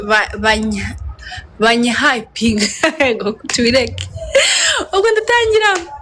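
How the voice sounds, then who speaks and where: Excitable woman, higher voice. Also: a little hiss or hum. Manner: excitable, code-switching, laughs often. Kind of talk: casual storytelling chat.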